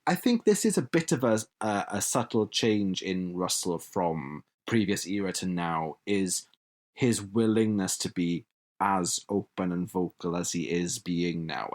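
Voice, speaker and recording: A man's voice: on the low side, a little slow. A man hosting a podcast, chatting enthusiastically and laughing often. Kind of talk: casual chat.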